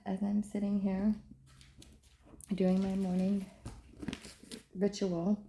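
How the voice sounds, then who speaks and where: A middle-aged mother talking about faith and self-love in a casual vlog, often dropping into soft whispers. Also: medium pitch, level tone, slow pace, a little hiss or hum. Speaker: mother sharing reflections. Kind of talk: casual heartfelt vlog talk.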